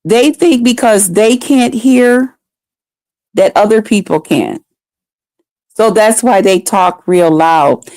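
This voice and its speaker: A woman in her fifties livestreams, chatting casually with viewers, laughing often and answering them by name. Her voice is mid-range and darkish, slow with frequent pauses, recorded with no echo.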